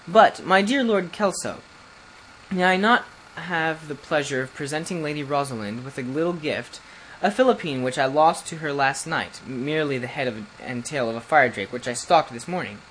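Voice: medium pitch, normal speed, fairly bright tone, slight background noise, close to an everyday voice, low-quality recording. A reader voicing a cheerful, cool-headed young prince who talks lightly and confidently in a storybook reading. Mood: breezy.

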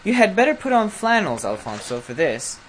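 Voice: mid-range voice, sing-song, fairly quick, a little hiss or hum, voice pushed up, close to an everyday voice. A storybook reader voicing a lazy, smug young prince who speaks with prim, lecturing politeness.

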